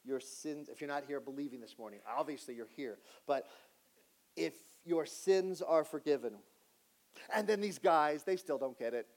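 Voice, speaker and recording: Earnest preacher, slightly high voice. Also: male voice, normal speed. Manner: earnest, shifts between lively asides and hushed emphasis. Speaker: pastor. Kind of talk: sermon.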